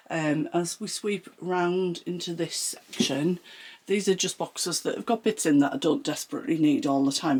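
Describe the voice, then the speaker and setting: Breathless, husky woman vlogging. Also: low-pitched, a little mellow. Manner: chatty, rambling, shows things as she talks. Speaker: sewing vlogger. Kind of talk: casual room-tour chat. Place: home sewing room.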